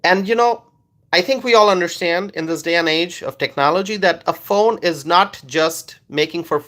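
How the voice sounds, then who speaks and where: A man's voice: high voice, moderate pace, fairly bright tone. A man doing live-stream political commentary into his phone, repeating his points emphatically and asking rhetorical questions.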